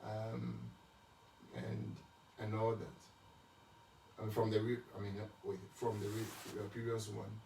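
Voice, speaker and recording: A man's voice: on the low side, completely flat delivery, slow pace, vocal fry, long pauses, mellow, a little hiss or hum. A man with a Ghanaian accent giving a casual Christian teaching talk on marriage, switching between Twi and English with many restarts and repeated words. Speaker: speaker answering marriage questions. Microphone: distant from the mic. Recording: echoey room, speaker far from the mic.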